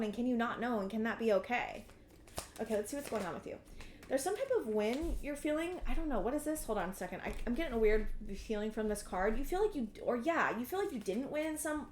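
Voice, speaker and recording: A young woman giving a collective tarot reading, rambling with many fillers and gently reassuring the listener. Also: on the high side, reverberant, slight background noise. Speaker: tarot reader.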